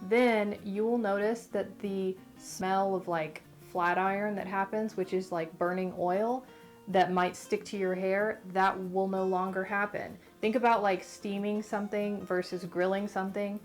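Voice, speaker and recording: A woman's voice: mid-range voice, level tone, a little slow, faint music behind. A young Californian woman in a casual vlog, chatty and rambling with lots of "like", her speech slightly muffled after dental surgery. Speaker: beauty vlogger. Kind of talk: casual chat to camera.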